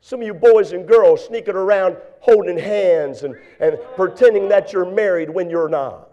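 A pastor preaching a sermon in church, swinging from hushed, quiet lines to shouted, fervent exhortation. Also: male voice, high voice, moderate pace, dull audio.

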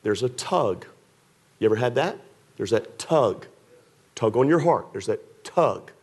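A man preaching a sermon to a congregation, animated, his voice climbing high when he acts out pleading prayers. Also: a little slow, breathy edge. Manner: drops soft and low acting out a scared prayer. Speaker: pastor. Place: church sanctuary with a congregation.

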